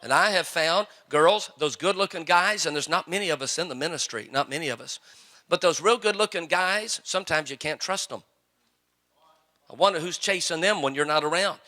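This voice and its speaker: A man's voice: fairly high pitch, moderate pace, pushed and bright. A male pastor preaching a sermon to young people, folksy and full of joking stories.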